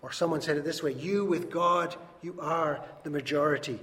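An earnest man preaching a sermon with a fairly high voice, leaning hard on key words and then dropping low. His voice rings out with a long tail of reverb in a church hall. Faint noise sits underneath. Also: fairly even intonation, normal speed, few pauses. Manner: earnest, emphatic preaching that swings between loud and soft. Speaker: pastor.

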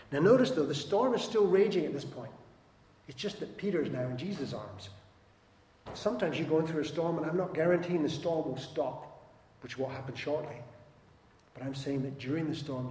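A man preaching a sermon as pastor, animated, acting out quoted voices and swinging between loud and soft. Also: a little high, normal speed, reverberant, long reverb tail, slight background noise.

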